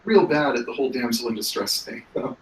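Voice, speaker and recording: A man voicing a tough, ailing woman who speaks hoarsely and bluntly. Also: mid-range voice, sing-song, a little fast, a little hiss or hum, lightly acted. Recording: roomy, distant mic.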